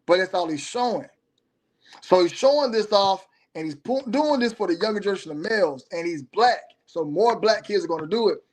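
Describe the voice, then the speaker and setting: A man's voice: high-pitched, expressive. A man hosting a livestream, giving blunt, opinionated commentary and reacting to viewer chat, speeding up and then drawing his words out. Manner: blunt, opinionated, switches between rapid and drawn-out delivery. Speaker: livestream host.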